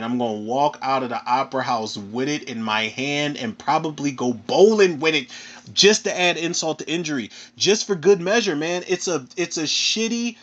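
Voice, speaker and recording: A man with a Philadelphia accent ranting casually through a film review, animated and profane, ending his phrases with "man". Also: on the high side. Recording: dull lo-fi recording.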